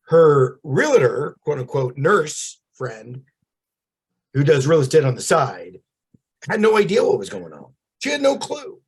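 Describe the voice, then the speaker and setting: A man who works as a real estate agent, telling an animated story on a group call with many restarts. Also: fairly high pitch, slightly rough. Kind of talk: casual call chat.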